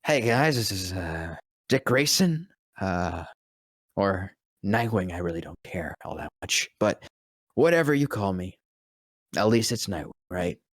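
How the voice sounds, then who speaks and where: A man's voice: deep voice, sing-song, measured pace, dry recording, clean studio sound, pitched below the performer's own voice, full character voice. A man voicing a laid-back young male hero with a slippery, offhand voice. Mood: indifferent.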